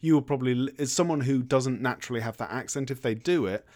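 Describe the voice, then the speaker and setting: A man's voice: mid-range voice, fast, a little mellow. A man hosting a podcast, chatting about a film in a wry, talkative way and asking leading questions. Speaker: podcast host. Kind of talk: casual film chat.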